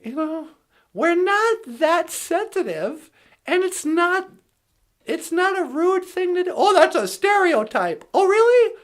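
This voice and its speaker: A woman's voice: very high-pitched, lively intonation, takes it slowly. A woman delivering a comedic rant in a sarcastic, mocking way, laughing often. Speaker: comedic commentator.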